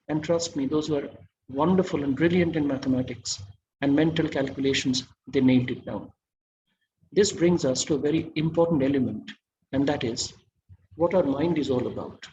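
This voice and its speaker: A man's voice: on the high side, a little hiss or hum, poor audio. Man lecturing an online masterclass. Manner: engaging, quizzes audience, warm praise.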